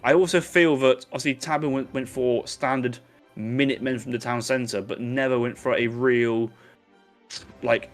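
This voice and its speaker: A man casting a live esports match, breaking down plays analytically with quick restarts. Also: medium pitch, steady tone, soft background music. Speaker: esports caster. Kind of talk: live game commentary.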